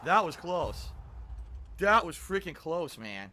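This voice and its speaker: A man live-streaming a game, reading chat aloud and exclaiming loudly while he plays. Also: fairly high pitch, slow, background noise. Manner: excitable, loud exclamations while playing.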